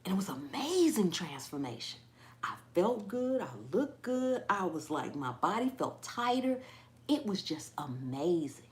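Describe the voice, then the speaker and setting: A woman hosting a casual live stream, hyper and animated, often laughing and mimicking people. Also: mid-range voice, unhurried. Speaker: gardening channel host.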